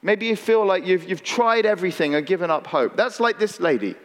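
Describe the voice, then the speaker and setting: A man's voice: sits high, animated, a little fast. A man preaching a sermon in a conversational way, with playful asides and calls to the congregation. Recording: long reverb in a large hall.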